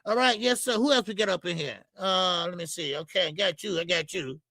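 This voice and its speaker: A man's voice: high-pitched, a little fast, creaky, pushed and bright, no room sound, studio quality. A man hosting a boxing live stream in loose, chatty, profane talk, greeting his viewers by name. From Chicago. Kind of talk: casual live-stream chat.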